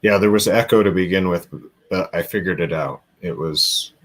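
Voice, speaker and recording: A man's voice: sits low, moderate pace. A man hosting a paranormal livestream, chatting casually, thanking viewers by name and rambling with lots of fillers. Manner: rambling, easygoing, heavy on fillers. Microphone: computer microphone on a live stream.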